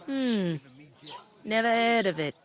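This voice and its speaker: A woman's voice: a little high, expressive, takes it slowly. A woman voicing a blunt, gossipy tavern keeper in a video game, her accent drifting between regions as she talks. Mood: chatty.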